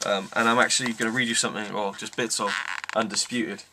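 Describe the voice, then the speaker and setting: A man's voice: fairly low pitch, fairly even intonation, fast, noisy background. A man giving an enthusiastic, rambling wrestling review, full of ums. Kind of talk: casual review monologue.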